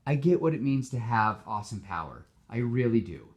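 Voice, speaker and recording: A man's voice: mid-range voice, very animated, brisk, highs cut off, close to an everyday voice. A man voicing a cheerful, friendly young male superhero who chats and reassures. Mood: reassuring. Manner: upbeat, reassuring, talkative. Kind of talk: acting out a pitch on a podcast.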